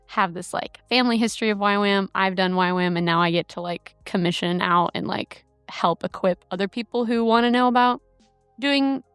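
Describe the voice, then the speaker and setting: A woman's voice: mid-range voice, moderate pace, a bit bright, clear, resonant tone, no room sound, soft background music. A woman co-hosting a faith podcast in casual chat, talking with many fillers. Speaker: podcast co-host.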